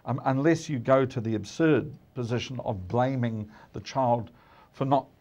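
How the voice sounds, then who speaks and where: A man's voice: mid-range voice, darkish tone. Emphatic New Zealand man commentator. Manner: measured, emphatic, with frequent restarts. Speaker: political commentator guest. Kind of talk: studio discussion.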